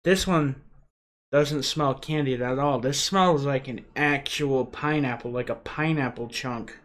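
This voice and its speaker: A man's voice: medium pitch, measured pace, fairly bright tone. Guy doing an unboxing vlog, medium voice, rambly and chatty, lots of uh's. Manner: chatty and rambling, many "uh" fillers. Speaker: channel host.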